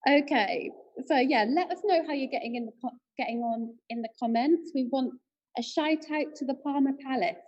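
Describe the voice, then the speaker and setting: High, mellow-voiced woman co-hosting a quiz. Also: moderate pace, highs cut off. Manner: giggly, friendly, hedging with fillers. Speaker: quiz co-host. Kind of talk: casual livestream quiz hosting.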